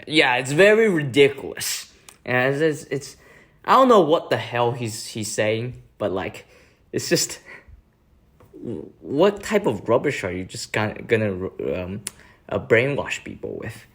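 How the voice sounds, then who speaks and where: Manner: slow, hesitant young man. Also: mid-range voice, lively intonation, a bit bright. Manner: hesitant, many fillers, laughs often. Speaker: vlogger. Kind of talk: casual chat.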